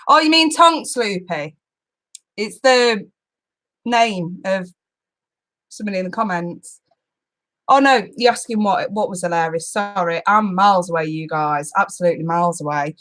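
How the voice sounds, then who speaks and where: A woman's voice: medium pitch, expressive, unhurried, pauses often, a bit bright. A young woman hosting a casual live stream, chatting with her viewers and often laughing and swearing. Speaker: tarot channel host.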